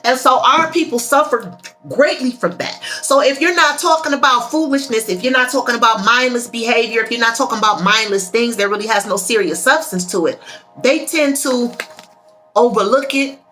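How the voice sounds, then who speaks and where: Woman talking spiritual stuff to her viewers, high bright voice, real emphatic, calls everybody y'all. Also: normal speed, faint music behind. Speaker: tarot and spiritual reader. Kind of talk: casual spiritual monologue to viewers.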